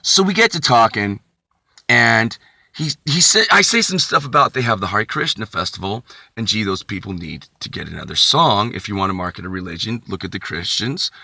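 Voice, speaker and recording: A man's voice: lowish voice, animated, brisk, gravelly, sharp tone, no echo. A man vlogging, telling a rambling, profane comic story with frequent asides.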